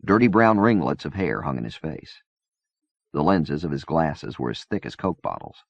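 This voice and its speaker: A man reading a novel aloud in measured, even scripted narration. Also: a bass voice, vocal fry, breathy edge, no room sound. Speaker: audiobook reader. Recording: dull dry cassette-era recording.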